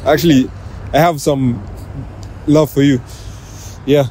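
A man's voice: mid-range voice, steady tone, slow, background noise. A young man joking dryly at his own expense in casual banter. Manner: self-mocking, dry.

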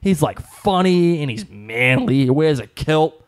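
A man co-hosting a casual podcast chat, his pitch swinging up and down as he riffs. He talks in excited, slangy bursts and keeps tossing in jokes. His voice carries plenty of bounce. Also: measured pace, smooth. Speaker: podcast co-host.

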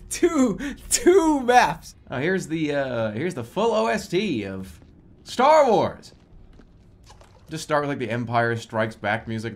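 A man streaming a game, excitable and profane, often laughing and yelping into a desk microphone. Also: medium pitch. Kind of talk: gaming livestream commentary.

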